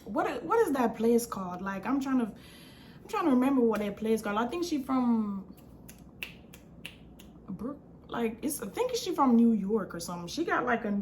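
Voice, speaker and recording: Young woman vlogger, slangy and animated, bright lively delivery with a faint hiss behind. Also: a little high, moderate pace, pauses often. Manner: animated, slangy, acts out quotes. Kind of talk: casual storytime.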